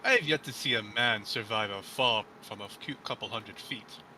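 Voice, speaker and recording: A man's voice: on the low side, moderate pace, bright, forceful tone, slight background noise, rough recording. A man playing a tabletop game, arguing a contract point in character with lawyerly, probing questions. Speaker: player.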